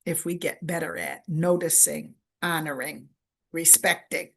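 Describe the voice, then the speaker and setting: A woman gives a conference lecture at an unhurried, measured pace. Her voice sits on the lower side, and she drives points home by repeating key phrases as short lists. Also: expressive, gravelly, fairly bright tone. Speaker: workshop presenter.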